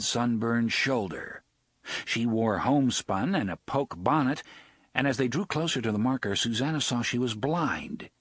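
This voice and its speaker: A man narrating a novel as an audiobook in an expressive storytelling read. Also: mid-range voice, husky, no room sound, studio quality. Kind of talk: scripted narration.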